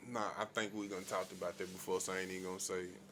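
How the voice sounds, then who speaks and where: A man's voice: low voice, level tone, rapid-fire. A man co-hosting a podcast, joking in a laid-back, casual way. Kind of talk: casual chat. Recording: faint background noise.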